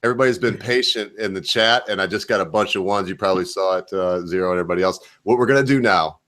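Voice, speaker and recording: A man's voice: low voice, fast talker, a bit bright. A man hosting a livestream, crude and brash in casual chat. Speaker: stream host.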